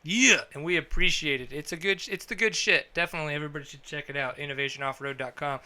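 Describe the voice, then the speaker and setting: Bright, energetic male podcast host. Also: fast talker. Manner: upbeat, joking, bursts of high energy. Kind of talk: casual podcast chat.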